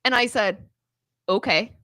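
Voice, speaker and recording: Woman, podcast guest, bright voice, dry close sound, animated chatty storytelling. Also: on the high side, measured pace, no echo. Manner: animated storytelling, frequent "like" and laughter. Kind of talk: casual chat.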